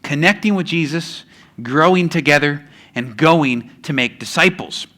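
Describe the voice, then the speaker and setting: A male pastor giving a sermon, telling a story and slowing down for emphasis, with casual asides to the congregation. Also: fairly high pitch, sharp tone.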